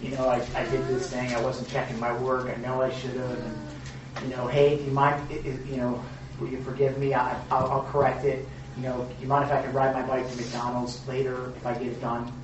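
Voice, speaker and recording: A man's voice: mid-range voice, completely flat delivery, a little fast, heavy reverb, distant mic, muffled recording, noisy background, voice pushed down, close to an everyday voice. A man voicing a humble young son who stammers out an apology. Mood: apologetic.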